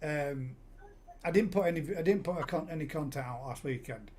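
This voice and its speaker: A man's voice: a little high, fairly quick, a little mellow. A middle-aged man hosting a live hobby chat, talking casually in long rambling stretches with many restarts. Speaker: host. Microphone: live stream call.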